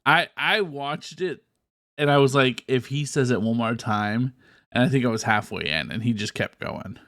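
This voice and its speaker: A man co-hosting a casual movie chat, lively and prone to jumping high in pitch when quoting. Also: normal speed, dry recording, clean studio sound. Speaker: podcast co-host.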